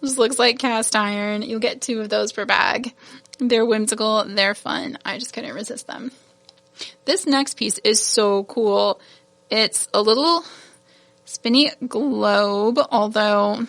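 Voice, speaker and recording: A chatty woman shows off new products in a casual shop video. Her bright voice has a gravelly fry. The sound is dry and close, and she gushes over each piece and laughs at her own slips. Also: medium pitch, steady tone, slow pace, no room sound. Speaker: shop host showing new beads.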